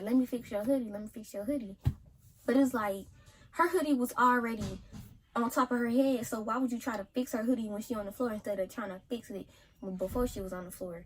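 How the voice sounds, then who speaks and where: A teenage girl, casually telling a story in an animated way for a vlog. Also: medium pitch, slight background noise, low-quality recording. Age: teens. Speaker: vlogger.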